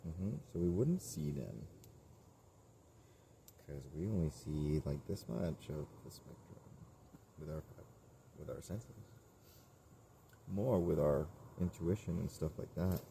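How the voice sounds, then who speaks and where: A man's voice: rumbling low, slow, vocal fry, pauses often, warm tone, slight background noise. A man talking casually to camera outdoors, rambling through tangents with frequent restarts and laughs. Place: outdoors at a tent camp.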